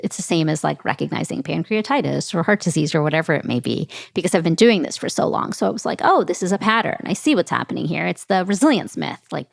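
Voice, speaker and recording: A woman doctor being interviewed on a podcast, talking in a relaxed conversational way. Her voice has a gravelly, creaky texture, and she is recorded close and dry. She tells stories animatedly and acts out each quoted line. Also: on the low side, no room sound. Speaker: physician and author, guest.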